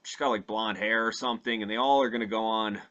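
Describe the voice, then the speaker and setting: Rambling, profane man with a bright voice. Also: on the low side, steady tone, quick pace, muffled recording. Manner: rambling, profane, many fillers. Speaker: podcast host recounting a movie from memory. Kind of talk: casual comedic retelling.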